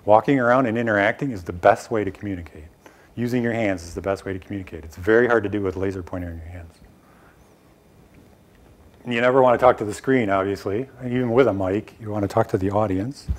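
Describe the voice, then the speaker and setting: Emphatic middle-aged man lecturing. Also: on the low side. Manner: direct, emphatic, conversational with asides. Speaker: presenter giving a workshop on scientific talks. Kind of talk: live lecture to a small audience. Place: small lecture room.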